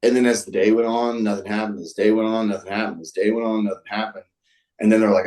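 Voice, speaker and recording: A man with a fairly low voice, telling stories as a guest on a show. His speech is casual and rambling. He restarts sentences often and leans on fillers like "um" and "like.". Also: level tone, fast, darkish tone, low-quality recording. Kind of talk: casual storytelling.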